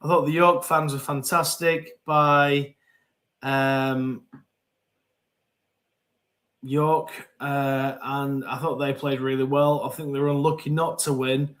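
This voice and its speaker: A man's voice: mid-range voice, flat delivery, slow, long pauses, fairly bright tone. A man in his forties hosting a live football podcast, reading out viewer comments in a chatty, rambling way and often repeating words. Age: 40s. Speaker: podcast host.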